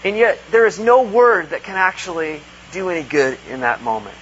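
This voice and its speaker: A man's voice: high voice, normal speed, fairly bright tone. A man preaching a conversational sermon, earnest, asking rhetorical questions and acting out quotes. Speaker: pastor. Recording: dull lo-fi recording with faint hum.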